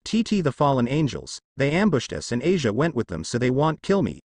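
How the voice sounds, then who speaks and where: A man's voice: mid-range voice, huge pitch swings, a little fast, a little mellow, slightly rough, dry recording, studio quality, full character voice. A man voicing a brash, lecherous teenage boy who stammers on his first words. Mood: panicked.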